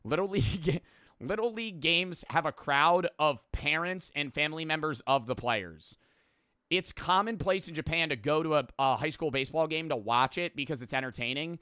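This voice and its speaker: A man's voice: a little high, normal speed, pushed and bright, smooth, dry recording, clean studio sound. Rambling, profane young streamer guy. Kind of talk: casual reaction chat.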